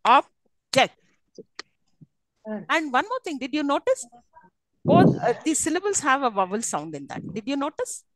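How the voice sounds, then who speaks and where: A woman's voice: sits high, big pitch swings, a little fast, no room sound, low-quality recording. A woman teaching a lecture, explaining step by step and often checking with "okay?". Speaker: English lecturer. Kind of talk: live classroom lecture.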